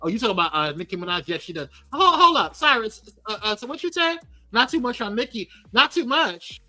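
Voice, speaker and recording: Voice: mid-range voice, animated, fast, pushed and bright, no room sound, soft background music. A host of a live show, chatting casually in a sassy, teasing, playful way, calling people girl and baby and trading jokes with the crew. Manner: chatty with frequent laughs and restarts.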